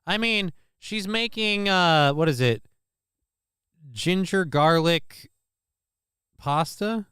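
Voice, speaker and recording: Sarcastic rambling man with a smooth voice. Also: fairly high pitch, big pitch swings, takes it slowly, long pauses, a bit bright, no echo, clean studio sound. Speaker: streamer reacting to videos. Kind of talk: casual reaction commentary.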